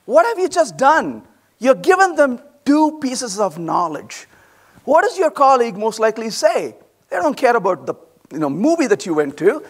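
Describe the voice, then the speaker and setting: In a large conference hall, a middle-aged man with a very high-pitched voice gives a talk. He's animated and playful, acting out quoted voices and tossing quick asides to the audience.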